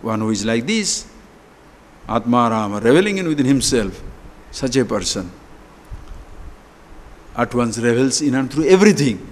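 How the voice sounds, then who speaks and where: A man giving a spiritual discourse, animated and full of rhetorical questions. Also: medium pitch, moderate pace, pauses often. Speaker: spiritual teacher. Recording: long hall reverb.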